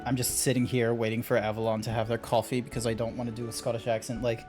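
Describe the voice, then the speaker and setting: A man's voice: mid-range voice, level tone, fast talker, over music. A man streaming a game, talking in a rambling, chatty way with lots of fillers. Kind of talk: casual live-stream chat.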